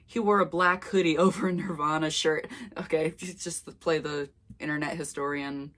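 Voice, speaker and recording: A young woman with a low voice reads an old story aloud. She keeps stopping to add wry comments and laughs at her own writing. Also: fairly even intonation, moderate pace, fairly bright tone, faint music behind. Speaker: youtuber.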